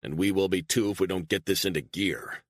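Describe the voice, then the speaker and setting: A man's voice: low-pitched, steady tone, fairly quick, breathy edge, no echo, clean studio sound, voice pushed up. A man voicing a cold, controlled male covert operative who speaks in curt, firm commands. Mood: stern.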